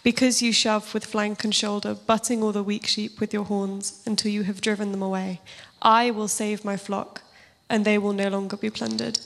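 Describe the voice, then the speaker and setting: A woman with a slightly husky voice, speaking casually and then giving a steady scripture reading in a sermon. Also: mid-range voice, moderate pace, few pauses. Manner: informal and self-deprecating, steady even reading. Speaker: church speaker.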